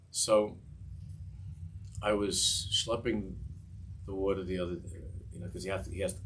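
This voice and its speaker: Male rabbi storyteller, deep voice, lively sermon tale. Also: moderate pace, pauses often, a little hiss or hum. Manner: animated, repetitive storytelling with restarts.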